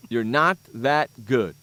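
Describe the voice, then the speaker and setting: A man co-hosting a sports radio show, ranting and hurling mock insults in bursts of loud scorn. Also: mid-range voice, animated, extremely slow, no echo. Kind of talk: comedic sports talk rant.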